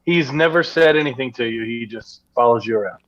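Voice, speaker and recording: A man's voice: medium pitch, a little fast, highs cut off, crowd noise. A man co-hosting a podcast, reacting in short, stammering replies during casual chat. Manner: brief reactions, stammering restarts. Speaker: podcast co-host.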